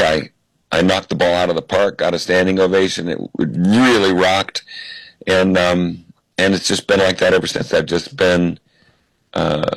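An American man, a comedian guest in an interview, telling stories and acting out quoted lines with lively shifts. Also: sits low, no room sound, rough recording. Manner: animated storyteller who acts out quotes. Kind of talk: interview storytelling.

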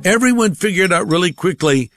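A man's voice: on the high side, normal speed, over music. A male pastor telling a personal testimony in a conversational sermon style, acting out the voices of others. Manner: conversational, acts out quoted voices.

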